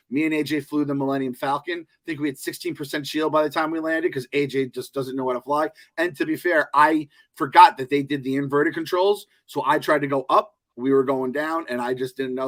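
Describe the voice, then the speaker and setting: A man's voice: mid-range voice, fairly bright tone. A man co-hosting a podcast, telling rambling, profane stories in casual chat. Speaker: podcast co-host.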